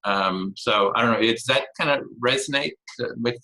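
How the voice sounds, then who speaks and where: A man hosting a conversational interview, talking in a halting way with many restarts and fillers. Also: medium pitch, sharp tone, low-quality recording. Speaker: interview host.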